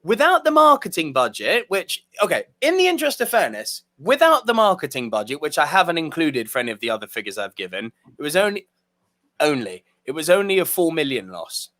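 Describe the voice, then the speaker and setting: A man's voice: on the high side, huge pitch swings, fairly quick, pushed and bright. A man co-hosting a casual movie podcast, enthusiastic and swearing freely. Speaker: podcast co-host.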